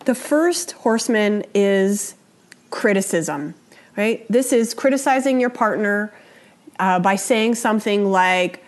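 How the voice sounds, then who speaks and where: A woman's voice: mid-range voice, slow. A woman teaching a lesson on relationships, explaining in a conversational way, checking in often with "right?" and acting out example quotes in a raised voice. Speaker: relationship educator. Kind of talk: spoken lecture on relationships.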